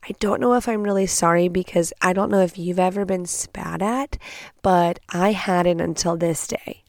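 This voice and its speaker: A young woman hosting a podcast, telling a dramatic story in casual, profane, animated speech on a close mic. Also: fairly low pitch, moderate pace, no room sound. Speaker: podcast host.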